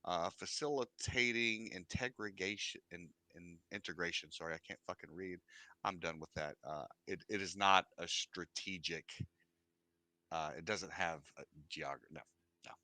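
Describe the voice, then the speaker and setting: A man's voice: deep voice, moderate pace, pushed and bright, no room sound. A man from the United States hosting a casual podcast, rambling and joking with a lot of profanity. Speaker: podcast host.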